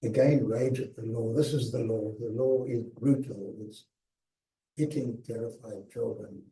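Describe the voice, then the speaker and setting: An older man recounting his own past in a slow, emphatic talk with hushed pauses, heard from a distance in an echoey lecture hall. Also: medium pitch, fairly even intonation. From South Africa. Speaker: guest speaker. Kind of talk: personal memoir talk.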